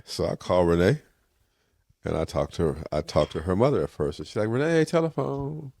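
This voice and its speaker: An older man from California, a guest in an interview, casually telling a story in a lively way and acting out the dialogue he quotes. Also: deep voice, brisk, creaky, husky.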